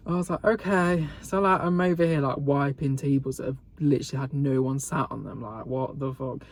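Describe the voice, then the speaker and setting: A man's voice: fairly high pitch, brisk, hardly any pauses. A young man vlogging, telling a gossipy story in a sweary, sarcastic way and laughing often, filmed on a phone camera. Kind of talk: casual storytelling mukbang.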